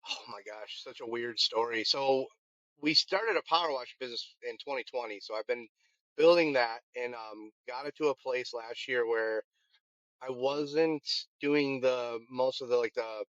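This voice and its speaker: A man's voice: medium pitch, normal speed, a bit bright, no room sound. A man, a firefighter who runs a vending business, telling his story in a casual interview with many restarts and fillers. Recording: dull, lo-fi sound.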